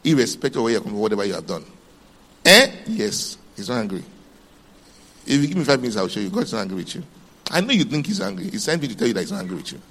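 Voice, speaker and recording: A male preacher giving a sermon. He quizzes the congregation with questions, swings between loud emphasis and hushed tones, and reads scripture aloud in old-fashioned wording. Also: mid-range voice, slightly rough.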